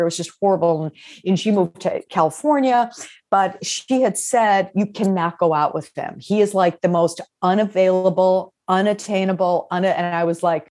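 A woman's voice: on the low side, mellow. A woman guest on a podcast, talking candidly in rambling runs as her voice starts to give out. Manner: rambling, restarts, many fillers. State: losing her voice. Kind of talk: candid conversation.

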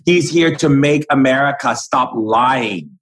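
A man's voice: medium pitch, a little slow, a bit bright, rough recording. A man speaking as a spiritual guide in an impassioned, preachy way, acting out quoted conversations.

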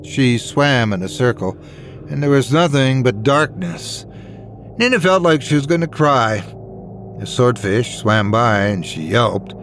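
A man reading a scripted horror story in a measured, suspenseful manner. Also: mid-range voice, expressive, a bit bright, faint music behind. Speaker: narrator.

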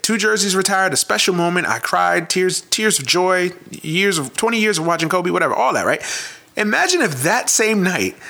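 A sports commentator launches into a profane, emphatic rant, hammering his points home again and again. His voice sits high, with vocal fry and a sharp tone.

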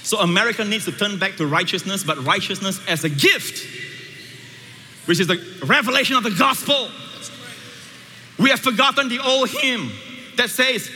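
A male pastor preaching a sermon, emphatic, swinging between loud high peaks and hushed low passages. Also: normal speed, pauses often, a little hiss or hum. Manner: emphatic, with sweeping shifts between loud highs and quiet lows. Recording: reverberant hall with faint ambience.

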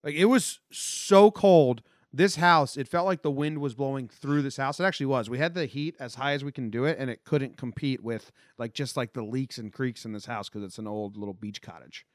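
A man's voice: mid-range voice, normal speed, few pauses, no echo. A man co-hosting a casual podcast, laid-back and joking as he reads odd headlines with dry asides. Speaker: podcast co-host. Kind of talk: casual sports and news chat. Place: old beach cottage on an island.

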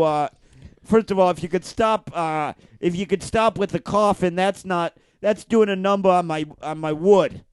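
A man playing a bumbling, self-satisfied cable repairman in an improvised comedy sketch, talking in a rambling, halting, deadpan way. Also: high-pitched, clean tone, dry recording. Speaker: comedy podcast co-host.

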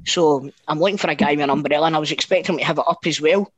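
A middle-aged Scottish man with a fairly high voice tells a rambling anecdote, full of swearing and false starts. The sound is close and dry, with no room around it. He keeps the tale going with lively energy. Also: very fast, dry recording, low-quality recording. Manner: animated, sweary, restarts often. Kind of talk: casual storytelling chat.

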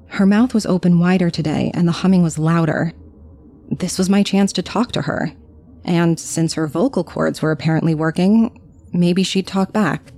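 A young woman reads a horror tale as a first-person diary, her delivery anxious and confessional. Her voice sits a little low for a woman. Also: darkish tone. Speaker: narrator. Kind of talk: scripted horror story narration.

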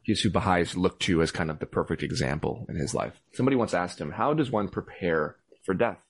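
A man's voice: deep voice, brisk. A man speaking as a podcast guest, earnest and thoughtful, reflecting on his beliefs. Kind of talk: reflective interview talk.

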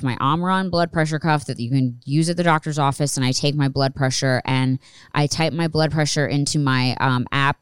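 A woman's voice: deep voice, smooth, dry recording. A woman in her thirties telling a personal story in a candid, rambling way and swearing freely. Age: 30s. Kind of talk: casual storytelling monologue.

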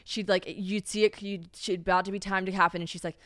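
Young woman chatting on a podcast, talks fast, acts out the story, smooth clear voice. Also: mid-range voice, dry recording, clean studio sound. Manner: animated storytelling, acts out scenes. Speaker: podcast co-host. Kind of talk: casual chat.

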